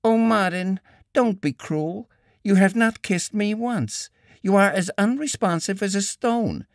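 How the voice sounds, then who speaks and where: A pleading young woman with a soft, tearful, emotional voice, as a male audiobook narrator puts her on, pitched well above his natural range. She talks in a breathy, hurt way, and the studio sound is dry and close. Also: a little slow, dry recording. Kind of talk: audiobook character reading.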